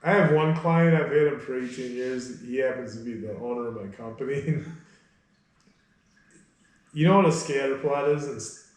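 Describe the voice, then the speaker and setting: A man working as a personal trainer, talking in a casual interview, telling blunt stories and cracking jokes. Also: medium pitch. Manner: blunt, storytelling, quick to joke. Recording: very echoey room.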